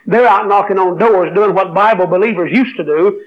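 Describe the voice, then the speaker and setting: Male preacher, high-pitched, moves from emotional storytelling to fervent exhortation; dull lo-fi recording. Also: normal speed. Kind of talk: sermon.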